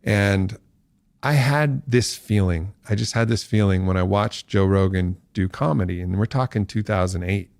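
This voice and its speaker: A man in his forties, a podcast guest, telling a story in casual talk and acting out quotes with big jumps in pitch. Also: normal speed, gravelly, a little mellow, no room sound, clean studio sound.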